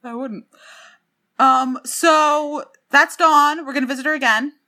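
A woman's voice: high-pitched, fairly even intonation, pushed and bright. A woman co-hosting a podcast remotely, chatting casually with jokey asides. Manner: bubbly, jokey, fast asides. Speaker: podcast co-host. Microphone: remote recording, separate apartments.

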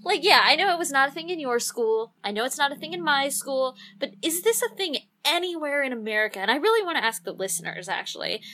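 A woman's voice: sits high, very animated, fast talker, hardly any pauses, bright, forceful tone. A woman co-hosting a casual book podcast, asking questions in a chatty way. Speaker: podcast co-host. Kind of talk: casual chat.

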